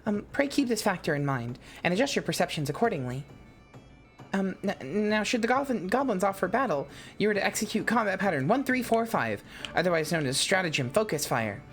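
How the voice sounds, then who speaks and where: A man's voice: high-pitched, sing-song, brisk, fairly bright tone, faint music behind, voice pushed up, full character voice. A man voicing a timid, stammering young woman tactician, reading game dialogue with many hesitant ums. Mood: nervous.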